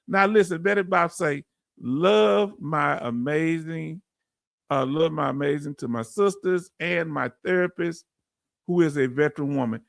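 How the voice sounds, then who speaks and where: A man hosting a casual livestream, reading viewer comments aloud and giving heartfelt shout-outs. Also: on the high side, a little slow, gravelly, long pauses, no echo. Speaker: livestream host.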